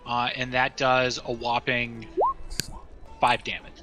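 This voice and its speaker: A man playing a tabletop game in casual chat, blunt and quick to swear and laugh at his dice. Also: medium pitch, monotone, bright, forceful tone, faint music behind. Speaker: player.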